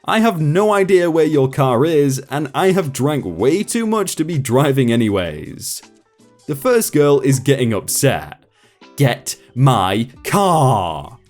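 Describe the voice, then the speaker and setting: A man's voice: on the high side, sing-song, unhurried, a little mellow, faint music behind. A man reading out stories and commenting on them, reading the quoted lines in character and breaking off to react. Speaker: story narrator.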